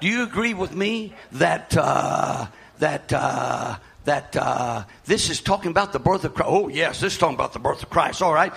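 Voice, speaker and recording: A man, preaching a sermon as pastor in a folksy way, often shouting and repeating himself. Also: on the high side, expressive, moderate pace, creaky, breathy edge.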